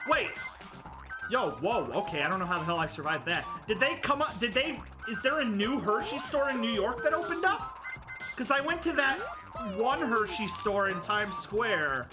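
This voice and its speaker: A live streamer giving casual reaction commentary, excitable, gushing loudly and then trailing off into mumbles. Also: mid-range voice, normal speed. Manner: excitable, swings between loud gushing and mumbling. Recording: clear music under the voice. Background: background music.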